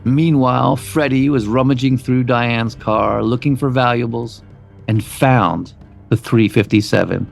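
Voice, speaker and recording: A man's voice: medium pitch, unhurried, vocal fry, soft background music. A man co-hosting a podcast, reading a true crime story from a script and dropping his voice at the grim parts. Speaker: podcast co-host.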